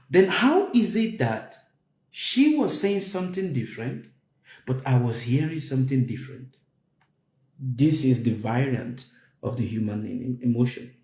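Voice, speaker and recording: A man giving a spiritual talk to listeners, emphatic and repeating his phrases, his voice climbing high to stress a point. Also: sing-song, measured pace, darkish tone. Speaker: spiritual teacher. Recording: roomy echo.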